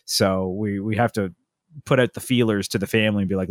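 A man's voice: fairly low pitch, steady tone, fairly quick, no echo, clean studio sound. A man, chatting casually as a podcast co-host and telling long stories with many restarts and asides. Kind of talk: casual chat.

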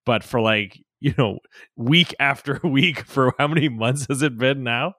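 A man's voice: medium pitch, measured pace, bright, forceful tone, no echo, clean studio sound. A man on a casual podcast, responding supportively and offering practical parenting advice. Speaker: podcast co-host. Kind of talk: casual chat about parenting.

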